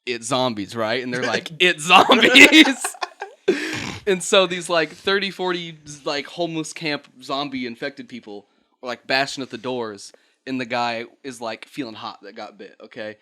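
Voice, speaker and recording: A man's voice: mid-range voice, normal speed, pushed and bright. A man hosting a podcast, telling a story casually, rambling and laughing, swearing and acting out voices. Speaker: podcast host.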